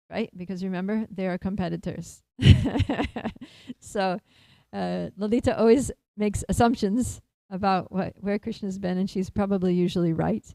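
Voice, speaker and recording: Warm-voiced woman telling a devotional story. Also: medium pitch, moderate pace, vocal fry, no echo, low-quality recording. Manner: animated, laughs often, many fillers. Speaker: storyteller at a temple.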